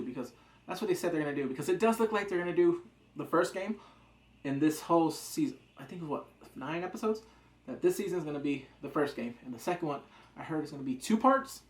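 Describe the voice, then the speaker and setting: A man casually recapping a TV episode, rambling and joking as he goes. His pitch swings widely as he talks. The voice carries a noticeable roomy echo. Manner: rambling, jokey, acts out quotes. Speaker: TV episode reviewer.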